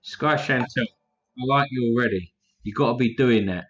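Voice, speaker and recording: A man's voice: mid-range voice, normal speed, dull audio. A man hosting a casual livestream, reading chat names aloud in a blunt, profane way.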